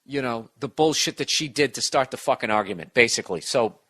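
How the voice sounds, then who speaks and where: A man's voice: medium pitch, animated, fairly quick, fairly bright tone, breathy edge. A man hosting a podcast, giving blunt, profane advice in a rambling, casual rant.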